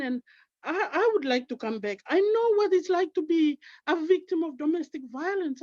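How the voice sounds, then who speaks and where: A middle-aged woman from Papua New Guinea, a team member, shares an earnest, heartfelt and fervently religious personal testimony on an online call. Her voice is very high with a darkish tone, and the recording is muffled with no room sound.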